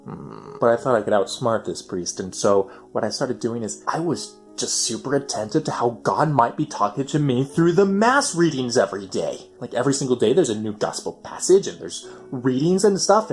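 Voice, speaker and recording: A young man telling a personal story in an animated way, swinging from loud excitement to near whispers. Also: medium pitch.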